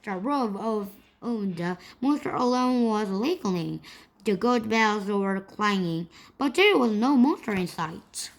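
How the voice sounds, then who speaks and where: A woman reading a children's storybook aloud in a slow, careful way. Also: mid-range voice, expressive. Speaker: storybook reader.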